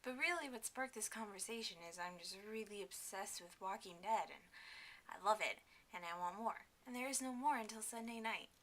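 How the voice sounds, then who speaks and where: Bright, chatty young woman vlogging. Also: mid-range voice, animated, brisk. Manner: chatty and enthusiastic, with many fillers and asides. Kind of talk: casual talk to camera.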